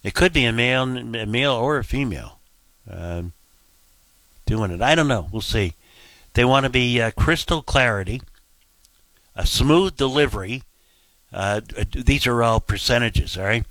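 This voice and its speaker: A man's voice: mid-range voice, lively intonation, normal speed, long pauses, a bit bright, no room sound. A man hosting a casual talk radio show, rambling through fillers and asides at a studio microphone.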